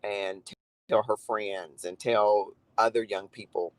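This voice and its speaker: A man's voice: on the low side, steady tone, unhurried, no echo, rough recording. A man talking earnestly and reflectively to viewers on a live stream, greeting commenters by name. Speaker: livestream host. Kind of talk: casual live chat to viewers.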